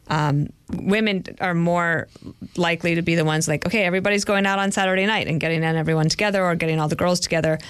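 A woman's voice: fairly low pitch, clean tone, dry recording. A middle-aged woman hosting a podcast, chatting casually and teasing her husband as she asks him questions. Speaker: podcast host. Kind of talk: casual chat.

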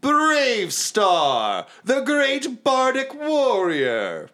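A man's voice: very high voice, huge pitch swings, extremely slow, sharp tone, voice pushed up, exaggerated voice. A man voicing a vain, pompous young male bard who drags out his boasts. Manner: pompous, self-important drawl.

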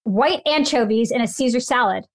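A woman, a food writer, chatting casually as a podcast guest, emphatic and opinionated with quick asides. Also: on the high side, no echo.

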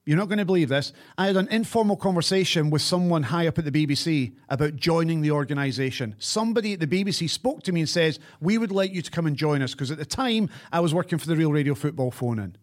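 A man's voice: fast talker, few pauses. A Scottish man hosting a podcast, teasing his co-host in casual chat and eager to launch into a rant. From Scotland. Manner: teasing, eager, laughs high. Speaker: podcast host, former radio presenter.

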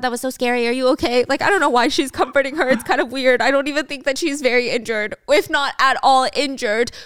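A woman's voice: high voice, a bit bright, clear, resonant tone, dry recording. Chatty young woman recapping a story. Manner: chatty, wry asides.

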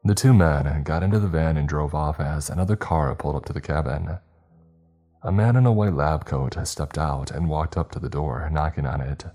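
A man reading a scripted horror story in a steady, measured way. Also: a bass voice. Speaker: narrator. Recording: faint music underneath.

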